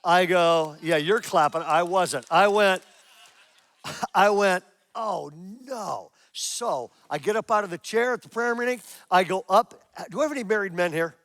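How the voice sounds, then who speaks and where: A man's voice: high voice, normal speed, fairly bright tone, clear, resonant tone, dry recording. A man in his sixties, a pastor preaching a sermon to a church congregation, telling a story with animation and acting out his own prayers. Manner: asks the congregation questions.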